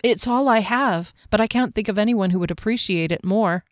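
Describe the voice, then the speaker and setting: Woman reading a bold young swordswoman, direct and warm, mid pitch, dry close sound. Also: brisk, no echo, natural voice. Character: bold young female sword fighter, impulsive.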